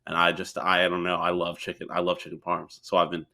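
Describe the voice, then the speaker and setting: A man's voice: sits low, monotone, fast talker, gravelly, bright, forceful tone. A young man in his twenties, a podcast guest chatting casually and rambling with many restarts. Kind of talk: casual chat.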